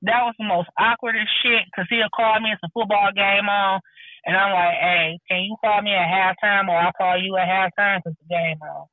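A woman telling stories in a casual chat, animated and acting out what people said. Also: medium pitch, moderate pace, dry recording. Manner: animated storytelling, acting out quotes. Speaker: podcast guest. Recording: tinny phone line, dry.

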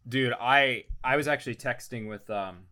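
A young man, a sports reporter, chatting casually on a remote video call, rambling excitably with lots of "like". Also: medium pitch, normal speed. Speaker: team beat reporter and panelist. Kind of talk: casual sports talk chat.

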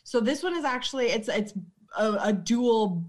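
A woman's voice: on the high side, expressive, normal speed. Blunt, profane young woman bartender. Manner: blunt, profane, laughs through stories, acts out customers. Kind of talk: casual storytelling chat.

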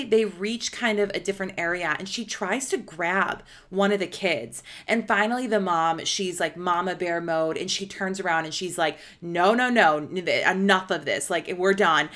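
A woman's voice: mid-range voice, fairly bright tone. A woman hosting a podcast, telling a celebrity story in a chatty, casual way with lots of "like" and laughter. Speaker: podcast host.

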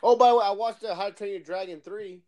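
A man's voice: high-pitched, fast, mellow. A man in a casual chat who teases the others and keeps pushing with blunt questions. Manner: teasing, pushy questions.

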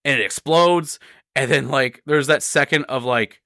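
A young man co-hosting a podcast, excitedly recapping a movie in casual chat, swearing and acting out his own reactions. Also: medium pitch, moderate pace, no room sound, studio quality. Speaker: podcast co-host.

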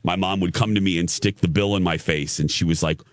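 Animated middle-aged radio host, low voice. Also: male voice, brisk. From Indiana. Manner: animated, stammering restarts, laughing at himself. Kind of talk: casual storytelling chat.

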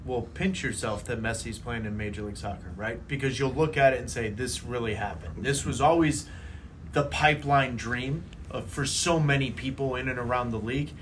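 A man's voice: mid-range voice, fairly even intonation, fairly quick, a little hiss or hum. A man from the United States, a football pundit and guest, teasing and wisecracking in casual chat. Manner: teasing, wisecracking, then earnest.

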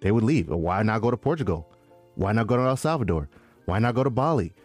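A low-pitched man co-hosting a casual podcast, excitable and full of slang. Faint music plays underneath him. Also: fast. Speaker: podcast co-host. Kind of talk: casual crypto chat.

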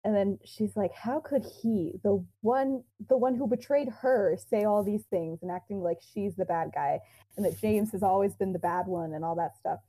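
A woman's voice: mid-range voice, normal speed, warm tone, low-quality recording. A young woman co-hosting a podcast, casually retelling a fan-fiction story with quoted dialogue, lots of fillers and giggles.

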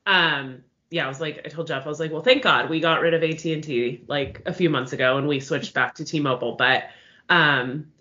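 A woman's voice: sits low, fairly even intonation, brisk, bright, forceful tone, muffled recording. A woman in her thirties co-hosting a podcast, chatting casually and telling stories with lots of "like". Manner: chatty storyteller, lots of "like" fillers. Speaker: podcast co-host. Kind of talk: casual chat.

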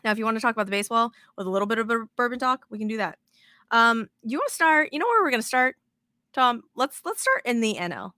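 A woman hosting a podcast in casual chat, excitable and rambling, with the odd swear. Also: a little high, quick pace, no room sound, clean studio sound. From moved to Texas as an adult. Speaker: podcast host.

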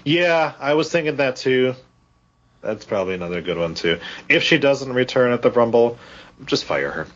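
A man hosting a casual podcast chat, husky and laughing often as he runs through picks. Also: medium pitch, lively intonation, moderate pace. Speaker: podcast host. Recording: dull lo-fi audio.

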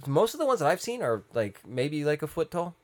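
A man co-hosting a podcast, chatting crudely and swearing freely, with a lively delivery. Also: on the high side, fairly quick, dry recording. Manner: animated, swears freely, does loud silly sound imitations. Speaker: podcast co-host. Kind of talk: crude casual banter. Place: Arizona.

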